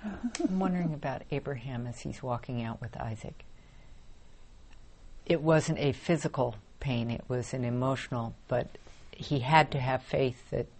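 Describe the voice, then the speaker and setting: A man in a Bible study group, speaking reflectively and softly. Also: mid-range voice, a little slow, pauses often. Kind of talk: group discussion.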